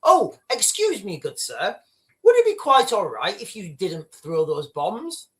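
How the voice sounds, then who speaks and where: A man putting on the voice of an overly courteous, posh gentleman, with sarcasm. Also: high-pitched, huge pitch swings, measured pace, full character voice. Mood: mock-polite.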